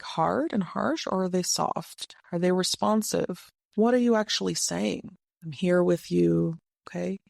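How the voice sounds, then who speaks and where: A podcast host giving gentle, reflective relationship advice in a monologue, now and then playful. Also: mid-range voice, gravelly, no echo, clean studio sound. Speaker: podcast host and couples coach.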